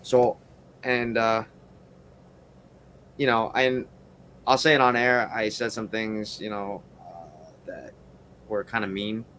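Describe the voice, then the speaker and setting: A man's voice: on the low side, steady tone, slow, long pauses, bright, forceful tone, slight background noise. A man telling a rambling story in a casual interview, full of fillers and asides. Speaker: wrestler guest.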